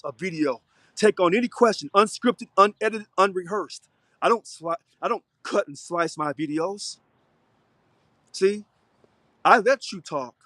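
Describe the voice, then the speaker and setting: A man's voice: high-pitched, a bit bright, dry recording. A man who is a union local president, giving a preachy, fiery, repetitive unscripted video monologue.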